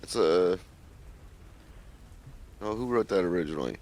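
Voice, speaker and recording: Gamer dude, lower voice with lots of swing, rambles on excitedly. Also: male voice, measured pace. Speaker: player. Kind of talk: casual table talk.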